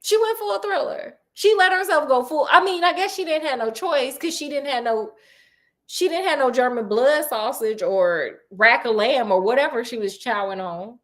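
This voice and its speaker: A woman casually recapping a horror novel, animated and playful, acting out characters' lines in quick asides. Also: high-pitched. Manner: playful and sassy. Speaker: book recap host. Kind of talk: casual book recap storytelling.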